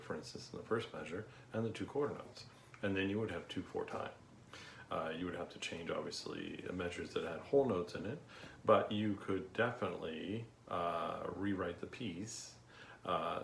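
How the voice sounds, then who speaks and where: Deep-voiced man teaching music slowly. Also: creaky, echoey room, a little hiss or hum. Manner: patient, slow counting aloud with frequent "okay?" checks. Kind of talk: online music lesson.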